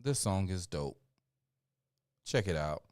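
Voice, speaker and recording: A man hosting a livestream, sounding tired and talking casually, with many fillers and shout-outs. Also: low voice, lively intonation, slow pace, no echo, clean studio sound. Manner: preachy build-up then laid-back rambling. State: tired, yawning. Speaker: livestream host.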